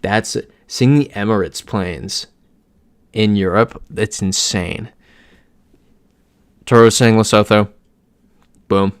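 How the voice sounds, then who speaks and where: A man's voice: on the low side, slow, pauses often, clean tone, no echo. A young American man chatting casually on a live stream, reading out chat messages as he plays. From United States.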